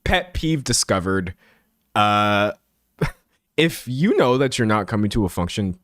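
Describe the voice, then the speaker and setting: A young man reads an article aloud to his stream chat and keeps stopping to riff on it. His pitch leaps around a lot, and he jumps between loud remarks and quiet, close asides. The sound is dry and close, with almost no room echo. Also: slow, pauses often. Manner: chatty, animated, swings from loud to hushed asides. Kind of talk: casual reaction commentary, reading aloud.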